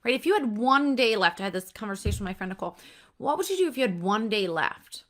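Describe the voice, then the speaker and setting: A woman's voice: medium pitch, animated, quick pace. A woman in her thirties, hosting a casual solo talk, chatty and blunt, peppering her talk with "like" and "right?" and the odd swear word. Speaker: podcast host.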